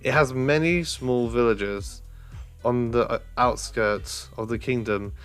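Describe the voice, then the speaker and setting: A man's voice: mid-range voice, slow pace, fairly bright tone, clear, resonant tone, faint music behind. Guy reading as a friendly cart driver, plain talking, middle-aged, storybook. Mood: chatty. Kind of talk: read-aloud storybook voice.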